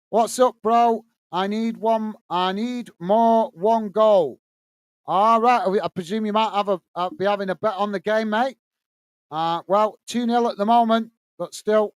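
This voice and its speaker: A man's voice: sits high, smooth, no echo. A man hosting a football watch-along, calling the play casually and reading out viewer messages. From England. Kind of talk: live fan commentary and chat reading.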